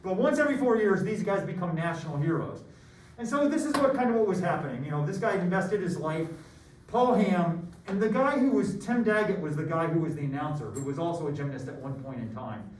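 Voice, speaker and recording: High-voiced middle-aged math teacher. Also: male voice, brisk. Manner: animated, joking, rambling. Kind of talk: classroom lecture with stories. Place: classroom. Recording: echoey room from far off, faint noise.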